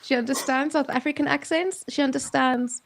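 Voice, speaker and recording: A woman's voice: high voice, steady tone, moderate pace, gravelly. A woman co-hosting a casual video-call chat, talking in a chatty way with lots of asides. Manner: chatty, full of fillers and asides. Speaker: co-host.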